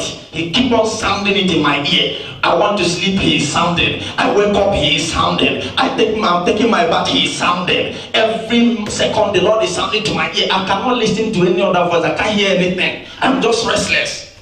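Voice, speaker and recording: A high-voiced man preaching with urgent, emphatic repetition. His voice rings through a large church hall, picked up from well away from the microphone, so it sounds distant and awash in echo. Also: moderate pace, a bit bright, soft background music. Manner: urgent, emphatic, repeats phrases. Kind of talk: sermon. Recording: strong echo, voice far from mic.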